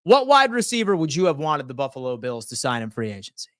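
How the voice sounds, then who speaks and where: A man's voice: medium pitch, big pitch swings, fast talker, hardly any pauses, no room sound. Rowdy man ranting on a stream. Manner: rowdy, teasing, swears, swings from loud rants to quiet asides. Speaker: host of a live sports stream. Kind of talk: live-stream chat reacting to viewers.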